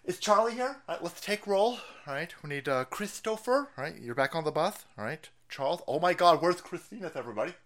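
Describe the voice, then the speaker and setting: A man playing a harried federal agent rushing a roll call. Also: fairly high pitch, expressive, a bit bright. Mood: hurried. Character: hurried male federal agent taking roll.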